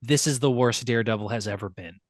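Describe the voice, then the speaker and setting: A man's voice: mid-range voice, fast, dry recording. A man co-hosting a podcast, chatting casually about comics in a laid-back, teasing way with dry jokes. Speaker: podcast co-host. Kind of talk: casual comic book chat.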